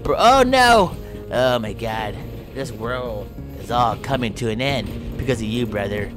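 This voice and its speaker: A man's voice: fairly low pitch, steady tone, a little slow, music in the background. A man playing a video game and commenting playfully, taunting his opponent in a theatrical mock-villain manner with old-fashioned phrasing and sound effects. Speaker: gameplay commentator.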